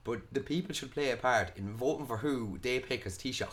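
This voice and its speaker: A man's voice: mid-range voice, fairly quick, fairly bright tone. A young Irish man ranting in a casual podcast chat, swearing a lot and retelling arguments. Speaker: podcast host.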